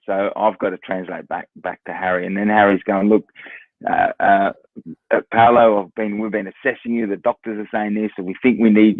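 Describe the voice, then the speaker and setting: A man's voice: on the low side, no room sound, phone-quality sound. A man from Australia with an Australian accent, a former footballer telling anecdotes as a guest. He talks casually, repeats words and acts out what others said. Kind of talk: casual storytelling.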